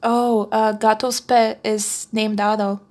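Woman chatting through a kids movie, slow and unhurried. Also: on the high side, level tone, darkish tone. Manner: chatty, narrates the plot aloud. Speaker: co-host film reviewer. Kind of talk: casual commentary while watching a film.

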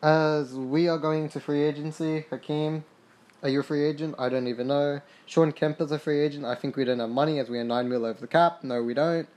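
A young man doing casual commentary on a basketball sim game, reading stats aloud, swearing freely and getting excited. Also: on the high side, fairly quick. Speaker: gaming podcaster.

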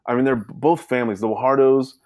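A man at mid pitch talks in a dry, close room with no echo. He rambles through his story casually and keeps circling back, stringing his thoughts together loosely. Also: steady tone, fast, a little mellow. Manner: rambling, full of "you know" fillers. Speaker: guest.

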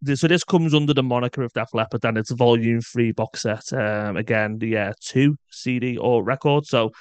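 A man's voice: medium pitch, moderate pace, darkish tone, clear, resonant tone, no room sound. A British man co-hosting a music podcast, talking casually and bluntly, swearing freely. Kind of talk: casual chat.

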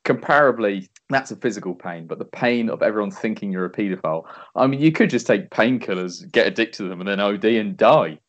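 A man's voice: fairly low pitch, lively intonation, fairly quick, hardly any pauses, dull audio. A man co-hosting a casual podcast chat, joking and laughing often. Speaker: podcast co-host.

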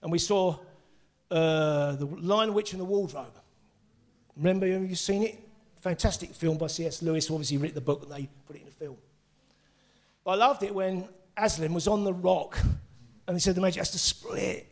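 A middle-aged man preaching a sermon, excitable and breaking into shouts and exclamations. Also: high-pitched, normal speed.

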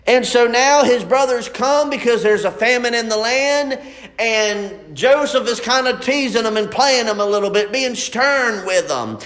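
Man, preacher, sermon, high-pitched, folksy, repeats for emphasis. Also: lively intonation, measured pace, fairly bright tone.

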